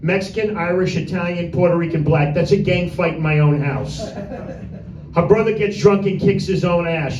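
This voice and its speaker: A man with a high voice doing a crude, rambling stand-up set and picking on people in the audience by name. He is recorded from a distance in an echoey little room. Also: moderate pace, dull audio, a crowd in the background. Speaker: stand-up comedian. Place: small room with a tiny audience.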